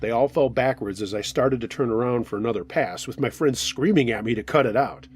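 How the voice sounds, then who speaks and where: A man narrating true scary stories from listeners in the first person, in a steady storytelling way. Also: medium pitch, fairly quick, a little hiss or hum.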